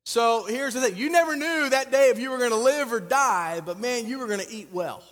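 A man preaching a sermon, telling the story in an animated way and building up emphasis. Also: very high-pitched, fairly quick. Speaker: pastor. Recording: long reverb of a large hall.

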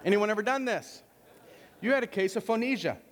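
A man's voice: sits high, animated, fairly quick, long reverb tail. A man preaching a sermon to his congregation in a conversational, joking way. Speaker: pastor. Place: church sanctuary.

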